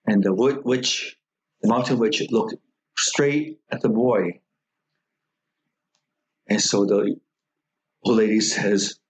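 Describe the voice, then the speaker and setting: A male Buddhist minister tells a spooky folktale as part of a dharma talk. He speaks very slowly and deliberately, pausing between short phrases. His voice sits at an ordinary pitch for a man. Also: low-quality recording. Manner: slow, measured telling with many pauses.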